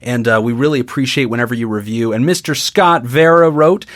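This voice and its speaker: A man's voice: medium pitch, fairly quick, hardly any pauses. A middle-aged man who hosts a counseling podcast, chatting casually, joking and reading out listener reviews. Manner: animated, jokey, reads listener reviews.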